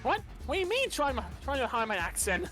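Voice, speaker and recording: A man's voice: extremely high pitch, wildly swooping pitch, a little fast, sharp tone, faint music behind. A man with an Australian accent chatting casually while gaming, stumbling and repeating his words. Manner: stammering, repeats words, laughs often. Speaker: gamer on voice chat.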